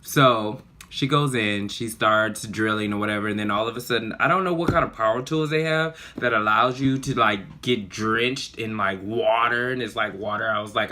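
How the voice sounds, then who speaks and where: Man, casual vlogger, low pitch, bright edgy tone, chatty. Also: moderate pace, few pauses. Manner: chatty, animated, lots of fillers. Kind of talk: casual storytelling vlog.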